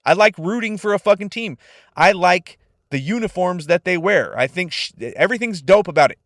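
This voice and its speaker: Brief: young man from California, slightly higher voice, dry close podcast sound, swears freely while chatting. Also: a little fast, no echo. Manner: profane, laid-back and animated. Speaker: podcast host. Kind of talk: casual solo podcast monologue.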